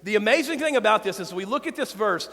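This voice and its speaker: A man preaching a sermon as pastor, earnest and personal, with quiet confessional stretches. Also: high-pitched, expressive, fast, long reverb tail. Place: church sanctuary.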